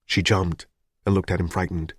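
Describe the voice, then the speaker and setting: Male audiobook narrator, deep and steady, dry studio sound. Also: moderate pace, husky, no echo. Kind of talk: scripted narration.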